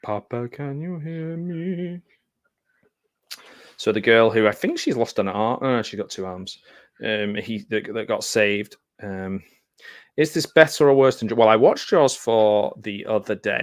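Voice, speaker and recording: A man's voice: on the low side, no echo, studio quality. A man giving casual, sardonic live commentary over a movie, with lots of filler ums and wry asides. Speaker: film commentary host. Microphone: close mic in front of a green screen.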